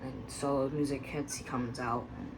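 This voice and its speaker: A woman casually recapping a wrestling episode, rambling and excitable, with quiet muttered asides. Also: very deep voice, moderate pace, vocal fry, background noise.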